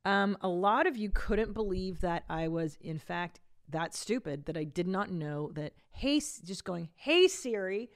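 A woman's voice: lowish voice, a little slow, few pauses, no echo, clean studio sound. A woman in her forties co-hosting a comedy podcast, chatting casually with blunt, profane jokes. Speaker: podcast co-host.

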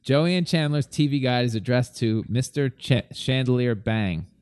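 A man's voice: medium pitch, normal speed, a little mellow, clear, resonant tone, dry recording. A man hosting a radio show, chatting casually and teasing as he runs a quiz.

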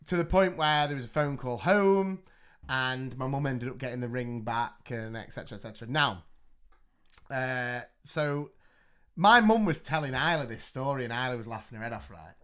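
A man co-hosting a podcast, telling a family story in an animated, laughing way. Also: mid-range voice, clear, resonant tone. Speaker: podcast co-host. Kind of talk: casual storytelling chat.

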